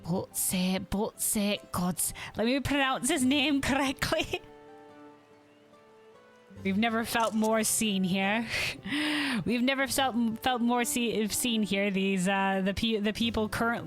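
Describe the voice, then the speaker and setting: A woman's voice: on the high side, a little slow, faint music behind. A woman streamer chatting casually over her gameplay, giggly and self-deprecating.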